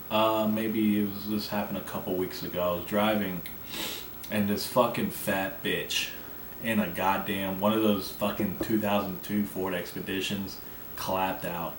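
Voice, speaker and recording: A man hosting his own podcast alone, talking in a rambling, profane, brash way. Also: deep voice. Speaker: podcast host. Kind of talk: casual solo podcast monologue. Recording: echoey room, mic at a distance, faint background noise.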